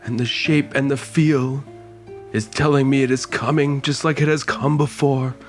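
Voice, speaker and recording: A man's voice: mid-range voice, fairly even intonation, faint music behind, close to an everyday voice. A man doing a grave old wizard. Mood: solemn. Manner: slow, grave and deliberate. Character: old male wizard, weary and solemn. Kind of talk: voicing a character in a tabletop game.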